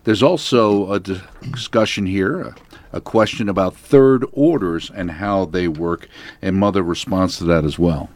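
A man hosting a religious talk show, speaking in a measured, earnest way. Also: sits low, dry recording.

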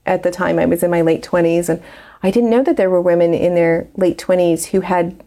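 A woman's voice: fairly low pitch, fairly even intonation, a little fast, mellow. A woman from the United States, a guest in an interview, earnestly telling a personal story with frequent fillers.

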